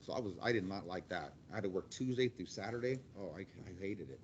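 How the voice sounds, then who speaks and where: Fast-talking blunt man telling stories. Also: deep voice, animated, lo-fi sound, a little hiss or hum. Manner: rambling, blunt, quick with repeated restarts. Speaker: guest speaker, construction manager. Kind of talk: casual storytelling to a class.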